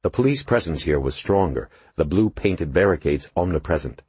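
Deep-voiced, husky male narrator. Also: lively intonation, moderate pace, darkish tone, no room sound. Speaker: audiobook narrator. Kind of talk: scripted narration.

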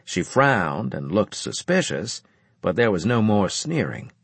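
A man reading a first-person audiobook narration in a measured, wry storytelling manner. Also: on the low side, very animated, gravelly, breathy edge, no echo.

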